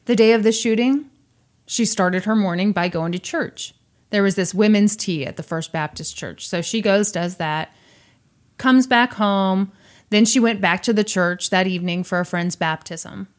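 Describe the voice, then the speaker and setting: Woman, podcast host, casual true crime storytelling, animated, sarcastic asides. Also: medium pitch, normal speed.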